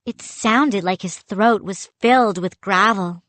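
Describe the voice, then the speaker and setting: A woman narrating a spooky children's audiobook in an expressive, dramatic first-person reading. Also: mid-range voice, a little slow, no echo. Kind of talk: scripted storybook narration.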